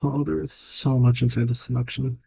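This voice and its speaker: A man's voice: mid-range voice, steady tone, moderate pace, vocal fry, a little mellow, breathy edge, dull audio. A man thinking aloud and judging his own work as he draws, in casual narration. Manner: muttered, self-critical thinking aloud. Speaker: digital artist. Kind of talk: casual narration while drawing.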